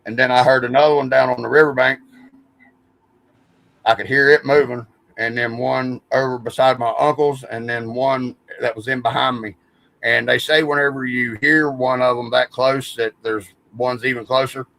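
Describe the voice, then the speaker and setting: A man's voice: medium pitch, fairly even intonation, moderate pace, creaky, fairly bright tone, rough recording. A man, rambling through stories in a casual podcast chat and swearing freely. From West Virginia. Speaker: podcast host.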